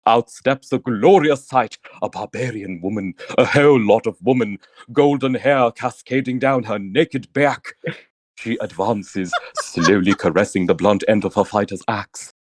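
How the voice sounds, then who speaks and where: A fairly low, unhurried male voice with no room sound. He plays a pompous, grandiose romance author, theatrically reading florid erotic excerpts in ornate language.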